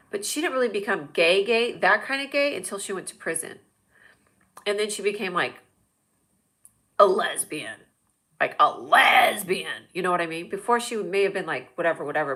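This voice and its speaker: A woman's voice: fairly low pitch, bright, forceful tone. A woman hosting a livestream show, chatting in a rambling, jokey way straight to her viewers. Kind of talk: casual livestream chat.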